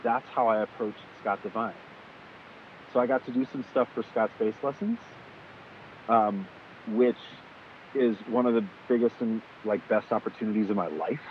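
A man talks in an animated, casual way and swears freely as he acts out conversations. His voice comes through thin and phone-like. A faint hiss sits underneath it. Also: on the low side, normal speed.

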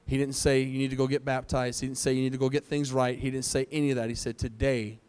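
A man at middle pitch preaching to his congregation in a church service. He pleads earnestly and keeps repeating short phrases as he calls people forward. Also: level tone, fast talker, darkish tone, smooth. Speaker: pastor. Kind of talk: altar call sermon.

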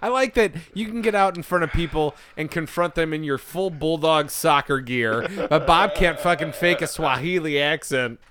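A man's voice: on the high side, moderate pace, few pauses, fairly bright tone. A man co-hosting a casual podcast, teasing his friend and laughing often. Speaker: podcast co-host. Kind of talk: casual chat.

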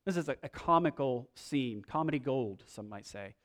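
A man's voice: mid-range voice, expressive, normal speed, a bit bright. A male pastor preaching a sermon in a conversational way, with wry asides.

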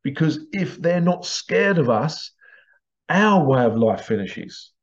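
A man's voice: a little high, sing-song, slow pace, highs cut off, full character voice. A man voicing a ruthless male grasshopper boss who insists on keeping others afraid, in a threatening, repetitive way. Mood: urgent. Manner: threatening, insistent, repeating himself.

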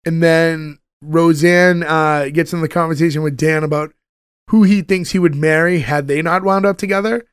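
A man's voice: fairly high pitch, steady tone, normal speed, smooth, no room sound, studio quality. A man co-hosting a podcast, recapping sitcom scenes in casual chat and acting out the characters' lines as he goes.

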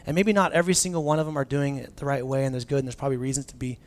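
Racing along in a mid-range voice, a pastor preaches a relaxed, animated sermon. He keeps restarting phrases and dropping in filler words.

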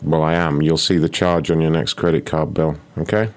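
Very deep-voiced mocking man. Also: fairly quick. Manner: mocking, rude, deadpan insults. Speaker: prank call show host. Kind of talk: prank call livestream chat.

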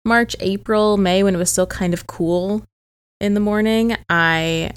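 A woman hosting a podcast, chatting casually, relaxed and self-deprecating, quick to laugh. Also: mid-range voice, smooth. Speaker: podcast host. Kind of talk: casual chat.

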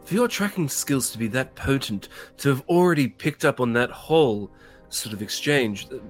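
A man's voice: mid-range voice, lively intonation, normal speed, soft background music. A man playing a tabletop game, speaking in a sarcastic, mock-formal way. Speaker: player. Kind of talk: casual tabletop play.

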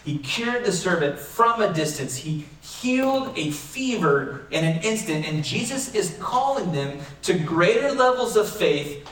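A man's voice: sits high, very animated, unhurried, fairly bright tone, slight background noise. A man pastor preaching a sermon in a conversational way, often asking rhetorical questions, in a church hall. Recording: echoey room, mic far off.

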